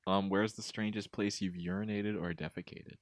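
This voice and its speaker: A young man co-hosting a podcast, asking quick questions in casual chat, laughing often and filling with "like" and "um". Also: fairly low pitch, fairly even intonation, no room sound, clean studio sound. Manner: chatty, laughs often, hedges with "like" and "um".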